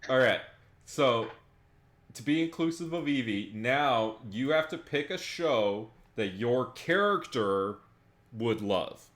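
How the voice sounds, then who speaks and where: A man hosting a tabletop game session, chatting loosely with the players. His voice is bright and swings widely in pitch, and he swears without a second thought. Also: slow. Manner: animated, swears freely. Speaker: game master. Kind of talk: casual chat between tabletop players.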